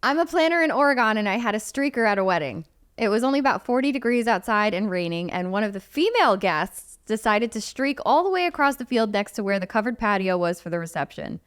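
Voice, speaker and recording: A woman co-hosting a casual wedding podcast who reads out listener stories, blunt and quick to laugh. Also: medium pitch, animated, a bit bright, smooth. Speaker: podcast co-host, wedding videographer.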